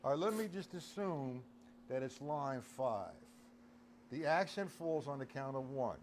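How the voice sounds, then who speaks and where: Male drum teacher, unhurried delivery, counts beats over loud drumming. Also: medium pitch, animated, loud music behind the voice. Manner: counts beats aloud, chats with viewers. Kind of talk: live-streamed drum lesson. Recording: loud drum kit playing behind voice.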